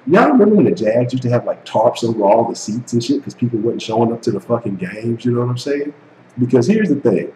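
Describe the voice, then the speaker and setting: A man's voice: mid-range voice, warm tone. Profane Texan man ranting in a roomy space. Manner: profane, repetitive, taunting. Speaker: sports live stream host. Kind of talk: heated casual rant at trolls. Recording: echoey room with faint noise.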